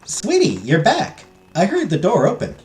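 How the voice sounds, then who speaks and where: A man's voice: high-pitched, huge pitch swings, moderate pace, faint music behind, voice pushed up. A man playing a sweet, doting mom. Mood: tender. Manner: soft and affectionate. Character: sweet, gentle doting mother.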